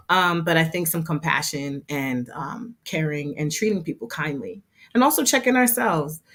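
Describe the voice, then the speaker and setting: A woman hosting a casual livestream, talking in a chatty, heartfelt and expressive way as a hair program instructor. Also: low voice, a little slow.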